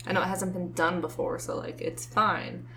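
A young woman co-hosting a podcast, chatting casually about a movie, animated and laughing often. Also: fairly low pitch, moderate pace, a little hiss or hum. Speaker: podcast co-host.

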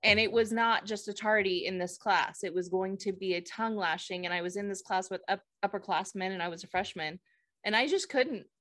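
A woman co-hosting a casual chat, telling school stories in a blunt, animated way with casual swearing. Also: mid-range voice, a little fast. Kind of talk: casual chat, personal storytelling.

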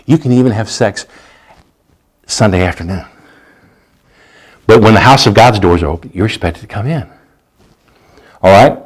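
A man preaching a sermon, reading scripture aloud in a raised, slowed voice and then dropping into low, conversational asides, often repeating himself. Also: slightly rough, rough recording. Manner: repeats and restarts words while preaching. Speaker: pastor.

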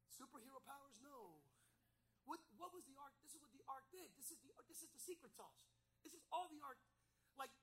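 Brief: male preacher, sharp bright tone, repetitive and emphatic sermon delivery. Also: very high-pitched, poor audio. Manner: rhetorical questions, repetition, emphatic.

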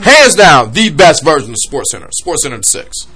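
A man tears into a sports topic on a podcast, voice swinging wide. His tone is bright and edgy. He talks in a heated, comic rant style. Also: on the high side, normal speed. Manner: animated, heated ranting. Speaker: podcast host.

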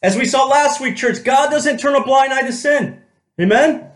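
A man's voice: very high voice, echoey room. A male pastor preaching a sermon, emphatic, repeating key phrases and calling out to the congregation as "church". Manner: slows right down to stress quoted words.

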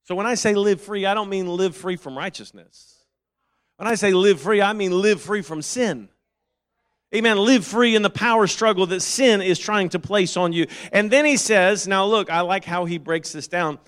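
Fervent high-voiced male preacher. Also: normal speed, clear, resonant tone. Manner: builds from quiet reasoning to loud, fervent calls; repeats phrases and quotes scripture aloud. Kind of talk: sermon.

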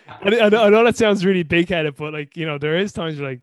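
A man in his thirties from Ireland with an Irish accent, hosting a podcast in animated casual chat. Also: high voice, normal speed, dry recording. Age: 30s. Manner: animated, laughing, acts out quotes. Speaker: podcast host.

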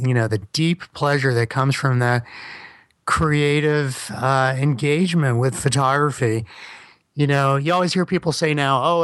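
A man's voice: mid-range voice, a bit bright, no room sound. A man from Miami co-hosting a casual podcast, talking with enthusiasm and many restarts. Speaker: podcast co-host.

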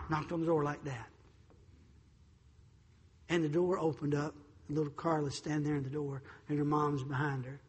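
Pastor, high husky voice, animated storytelling sermon, long hall echo. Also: male voice. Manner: animated storyteller, acts out voices, swings loud and soft. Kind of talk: sermon with personal stories.

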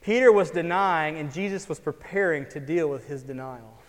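A man preaching a sermon, earnest, moving between hushed, quiet passages and emphatic lines. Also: on the high side, normal speed. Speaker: pastor. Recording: long hall reverb.

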